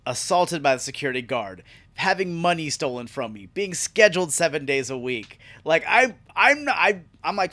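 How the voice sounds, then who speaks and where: A man's voice: fairly high pitch, very animated, normal speed, pushed and bright, dry recording. A man hosting a podcast, telling a profane, exasperated comic story about his job in a casual monologue. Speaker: podcast host.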